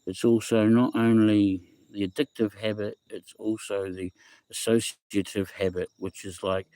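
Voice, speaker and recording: On a dry recording, a fairly low, mellow voice speaks a little slowly with a flat delivery. It is a middle-aged Kiwi man hosting a casual phone livestream who reads the chat aloud, rambles, repeats himself and says "bro" and "eh."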